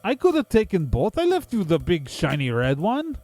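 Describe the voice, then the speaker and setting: A squeaky, wheedling goblin thief, put on by a man, pitched far up with wild swings in tone. He talks himself in circles, desperate to sound reasonable while his voice keeps leaping higher. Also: wildly swooping pitch, a little mellow, faint music behind. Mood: pleading. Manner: high, pleading, talks fast over others. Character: scheming male goblin thief, whiny and excitable.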